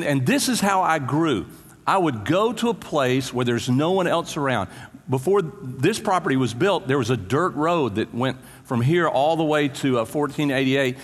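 A man's voice: medium pitch, in a large hall. A middle-aged man preaching a sermon as a pastor, telling a story with humor and putting questions to the congregation. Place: church.

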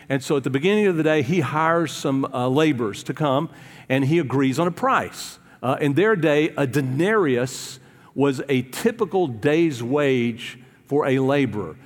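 A man delivers a sermon in a church, his fairly high voice ringing with the long reverb of a big hall. He tells the Bible story casually, stumbling and restarting, and slips into voices for the people in it. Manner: conversational storytelling with hesitations and acted quotes. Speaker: pastor.

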